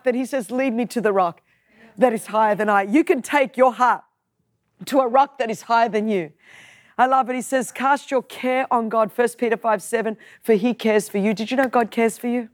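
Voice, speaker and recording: A woman preaches with emphatic, rising conviction. Her voice sits high and bright in pitch, and the sound is dry and close with no room around it. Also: no echo. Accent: Australian. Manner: emphatic, rising to forceful peaks. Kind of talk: sermon.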